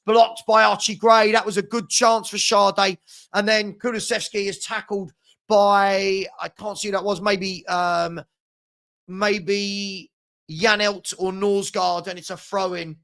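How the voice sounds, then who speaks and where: A man with a high, creaky, fairly bright voice hosts a live fan watchalong. His running commentary on the match is partisan, and his own team's mistakes clearly exasperate him.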